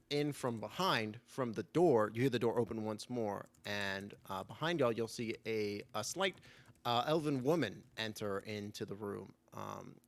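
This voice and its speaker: A man's voice: fairly low pitch, no echo. A man narrating a tabletop game as game master in a rambling way, full of fillers and repeated words.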